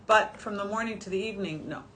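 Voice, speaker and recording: A woman's voice: mid-range voice, fast talker, fairly bright tone, slight background noise. A chatty, emotional woman in her sixties presenting skincare products on a casual livestream, talking straight to her viewers. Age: 60s. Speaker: shopping channel skincare brand presenter. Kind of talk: casual livestream sales chat.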